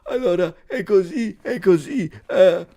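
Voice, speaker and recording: A man with an Italian accent impersonating a gravelly, croaky football coach who whines and hesitates with drawn-out "eh"s. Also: sits high, dark tone, pitched above the performer's own voice. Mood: whiny lament. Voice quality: gravelly, croaky like a heavy smoker. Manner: whiny, hesitant, full of drawn-out "eh"s.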